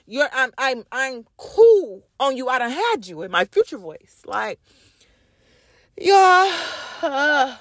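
Blunt, gravelly-voiced woman ranting. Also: sits high, very animated, a little slow, hardly any pauses, no room sound, clean studio sound. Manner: blunt, profane, emphatic with repeated phrases. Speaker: podcast host. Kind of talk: unscripted solo podcast rant.

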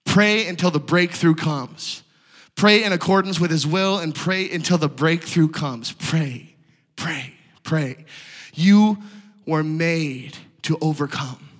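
A man in his thirties from South Dakota, preaching a sermon and telling his testimony in an animated way with frequent laughter. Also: a little high, takes it slowly, long reverb tail. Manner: animated storytelling, laughs often.

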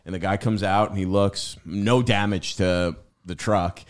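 A man's voice: fairly even intonation, measured pace, clear, resonant tone. A man, a podcast host, chatting casually and telling a jokey story, swearing as he goes. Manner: jokey, swearing, slips into higher voices for quotes. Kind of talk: casual chat.

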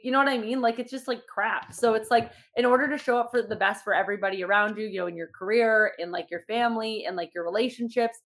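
A woman's voice: medium pitch, fast talker, hardly any pauses, a bit bright. Young female fitness coach, casual podcast delivery, encouraging, filler-heavy, mid-range voice. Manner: chatty, says "like" a lot; upbeat and encouraging.

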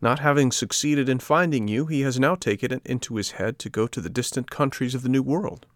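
A big, wise male pigeon, as a man puts him on in a storybook. He explains things calmly and earnestly in a voice set somewhat above the reader's own. The sound is dry and close. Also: mid-range voice, a little fast, no room sound, pitched above the performer's own voice, close to an everyday voice. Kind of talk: storybook reading.

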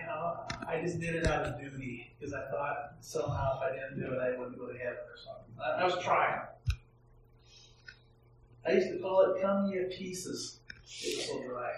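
A man's voice: on the high side, distant mic, slight background noise. A middle-aged male pastor telling a candid, self-deprecating personal story as a sermon in a church. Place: church sanctuary. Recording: echoey church, heard from afar.

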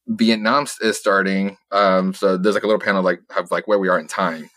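Young man, very low voice, dry close sound, casual rambling comic recap, swears, laughs a lot. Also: fairly even intonation, a little fast, a bit bright, no room sound. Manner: rambling, profane, laughs often, quotes characters in passing. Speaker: podcast co-host.

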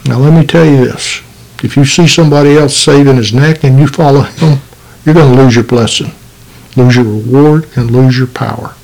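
Gravelly-voiced man preaching. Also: mid-range voice, moderate pace, a little mellow, poor audio. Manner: earnest, urgent preaching with rhetorical questions. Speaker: podcast preacher. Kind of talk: sermon.

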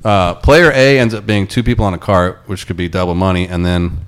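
A man in his forties from the United States, a guest on a casual podcast chat. His voice sits fairly low, and he tells a story in a laid-back, chatty way with some swearing. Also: fairly even intonation, a little fast, clean tone. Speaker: podcast guest, golf caddie.

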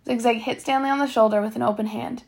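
A woman reading a novel aloud, steady, sometimes stumbling and correcting herself. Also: a little high, quick pace, vocal fry. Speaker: reader.

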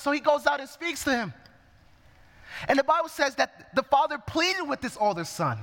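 A man's voice: very high voice, expressive, moderate pace, fairly bright tone, in a large hall. A man preaching a sermon, reading scripture verse by verse and explaining it as he goes.

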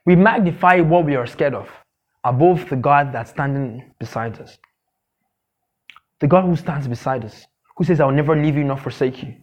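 Man, pastor, high-pitched, sermon, emphatic, repeats refrains, dull lo-fi audio. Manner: emphatic, repeats key phrases, asks the congregation questions; acts out gossip in a mocking squeaky voice.

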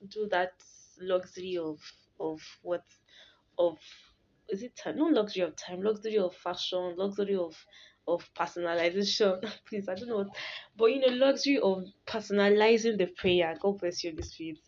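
Young woman telling her testimony, animated, chatty, kinda dull lo-fi sound. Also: mid-range voice, moderate pace. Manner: animated, laughs and restarts while telling a story. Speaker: storyteller sharing a testimony. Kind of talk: casual faith testimony. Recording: dull lo-fi recording.

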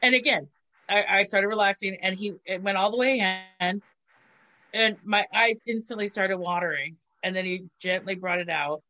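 A woman in casual chat, telling crude, animated stories and acting out what people said. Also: mid-range voice, moderate pace, dull audio, a little hiss or hum. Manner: crude, animated storytelling with voiced quotes.

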